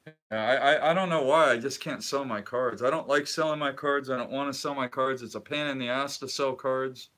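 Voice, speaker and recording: A middle-aged man co-hosting a live card-collecting stream chats casually, drifting from one thought to the next. His medium-pitched voice is steady, a little quick and slightly bright. He keeps restarting and lets sentences trail off before finishing them.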